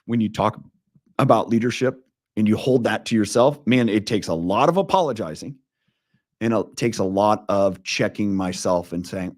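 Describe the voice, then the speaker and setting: A man's voice: lowish voice, lively intonation, normal speed, no echo, clean studio sound. A man in his forties, a leadership coach, talking earnestly and intensely in a casual interview, telling stories with frequent restarts.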